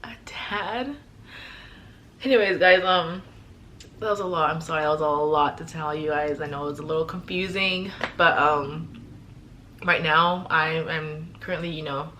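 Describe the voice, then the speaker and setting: A young woman vlogger telling a personal story in a heartfelt, emotional way, with many sighs and pauses. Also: low voice, pushed and bright, a little hiss or hum.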